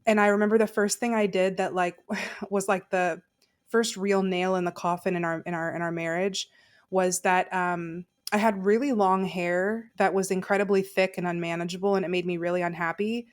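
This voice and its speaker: A woman's voice: lowish voice, fairly even intonation, moderate pace. Chatty woman telling her story. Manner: chatty and candid, sprinkled with "like" and laughter. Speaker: podcast guest, author. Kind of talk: casual conversational storytelling.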